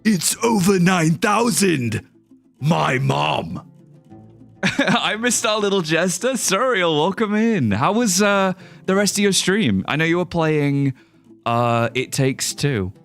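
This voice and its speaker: A young English man streaming live gameplay, talking casually with viewers and reading out chat. His voice swings freely up and down as he jokes and swears. Soft guitar music plays faintly underneath. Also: high voice, expressive, unhurried. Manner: chatty, swears, laughs often, reads out chat. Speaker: livestreamer.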